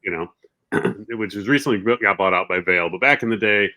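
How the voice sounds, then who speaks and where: A man's voice: lowish voice, brisk, pushed and bright. A man from Michigan co-hosting a livestream, telling a rambling anecdote in casual chat. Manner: rambling, self-interrupting. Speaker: stream co-host. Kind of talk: casual storytelling.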